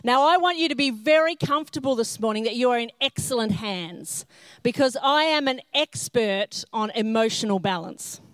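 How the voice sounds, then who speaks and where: This middle-aged female pastor's voice is on the high side and moves at a moderate pace, recorded dry. Her sermon is self-mocking humorous storytelling, with scenes acted out animatedly in character.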